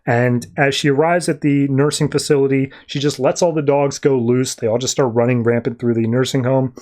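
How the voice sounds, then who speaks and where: A man's voice: mid-range voice, fairly even intonation, brisk, darkish tone. A man hosting a podcast, casually recapping a comic in a loose, rambling way and breezily quoting the characters. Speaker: podcast host.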